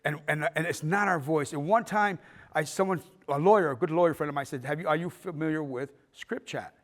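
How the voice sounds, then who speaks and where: Animated man telling film-business stories. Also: fairly high pitch, a little fast. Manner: animated storytelling with acted quotes, swears. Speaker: filmmaker giving a talk. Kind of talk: festival workshop talk. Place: arts center auditorium.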